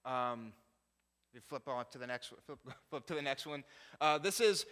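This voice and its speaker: A bright, forceful man's voice with a smooth, resonant tone, sitting slightly high for a man. He is a missionary pastor chatting through a slide show, laughing and poking fun at himself, and his voice rings out with a long reverb that fills a church hall. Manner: chatty, laughing, self-deprecating asides. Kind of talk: casual talk with slides.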